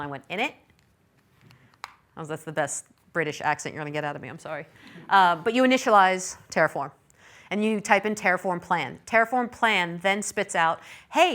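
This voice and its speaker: A middle-aged woman giving a technical conference talk, chatty and self-deprecating, with quick apologetic asides. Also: on the low side, fairly bright tone. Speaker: conference speaker.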